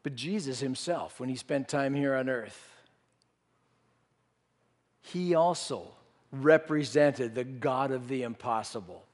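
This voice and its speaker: A man's voice: mid-range voice, slow pace, long pauses. Man preaching in a reverberant hall. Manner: storytelling, acts out disciples' voices. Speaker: pastor. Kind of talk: sermon.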